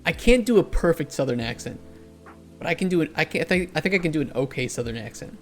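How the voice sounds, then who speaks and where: A man's voice: on the high side, lively intonation, fast talker. A man, an indie game developer, talks casually to chat while he codes on a livestream. He answers questions as they come and often restarts his sentences. Faint music runs in the background.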